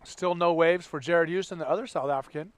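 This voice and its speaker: A man calling a live sports contest play-by-play, in an energetic, exclamatory way. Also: fairly high pitch, a little fast, no room sound. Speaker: contest commentator.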